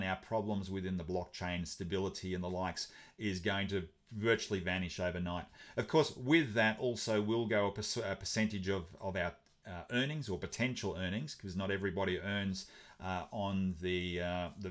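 A man hosts an informal crypto update video, his voice sitting on the low side. He talks casually and hesitantly, filling pauses with fillers and restarting his sentences as he goes. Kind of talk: casual explainer commentary.

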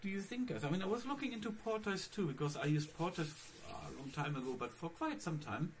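Guy rambling on in a casual screen-recording vlog, talks right to viewers, voice a bit on the high side. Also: expressive, brisk, slight background noise. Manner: rambling, chatty, addressing viewers. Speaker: Linux vlogger.

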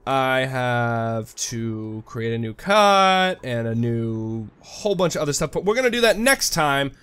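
A man giving casual, animated gameplay commentary, swearing freely and swinging between goofy outbursts and quiet mumbles. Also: medium pitch, a little slow, clean tone. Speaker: let's play gamer.

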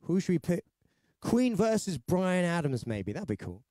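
A singer-songwriter from London hosts a casual livestream, chatting and telling stories in a rambling, jokey way full of restarts. His London English voice is high with big pitch swings and a dark tone, at a moderate pace. The studio-quality recording has no echo.

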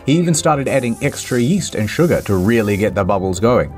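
A man's voice: animated, a little fast, a little mellow, soft background music. A man telling a comedic history story with playful, dramatic timing. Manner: dramatic, playful timing with big pitch swings. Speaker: host.

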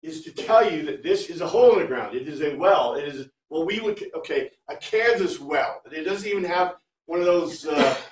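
Guy teaching bible class, kinda high voice, echoey room, mic far off. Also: normal speed, hardly any pauses. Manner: chatty, animated, reads Greek word by word.

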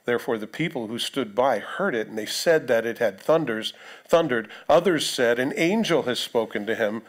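A man's voice: medium pitch, expressive, moderate pace. A male pastor preaching a sermon in a conversational way, reading scripture aloud and putting questions to the congregation.

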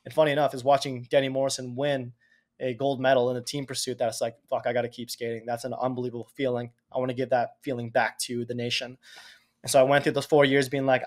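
A man in his thirties from Canada, a podcast guest telling stories in casual chat, animated and cursing freely. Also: medium pitch, quick pace. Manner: animated, swears casually, acts out quotes. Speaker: podcast guest, Olympic speed skater. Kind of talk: casual storytelling.

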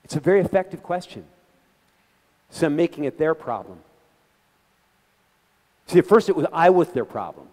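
A middle-aged man giving an animated, conversational talk to a gathering, telling stories with quoted voices and frequent restarts. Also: on the high side, normal speed, pauses often, big-room sound. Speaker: guest speaker. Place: meeting hall.

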